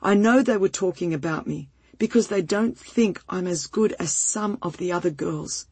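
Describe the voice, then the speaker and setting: A woman reading a story and voicing a sensitive young girl who is crying, in a breathy voice. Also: lowish voice, moderate pace, a little mellow, no echo. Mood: tearful.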